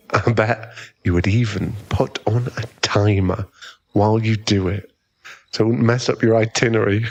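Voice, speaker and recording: A man's voice: fairly low pitch, no echo. A young man playing a cocky, smug rival in an ASMR boyfriend role-play, taunting and chuckling as he talks. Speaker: ASMR roleplay performer.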